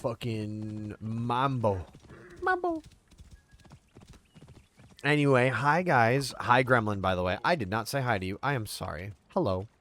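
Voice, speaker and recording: A man's voice: medium pitch, a little fast, few pauses, a bit bright, slight background noise. A man chatting casually on a game livestream, playful and rambling, swearing freely as he talks to his chat. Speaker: streamer.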